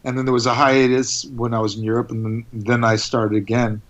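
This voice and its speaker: A man telling stories as a guest in a casual interview, rambling and animated, with restarts. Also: mid-range voice, a little fast, highs cut off. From United States.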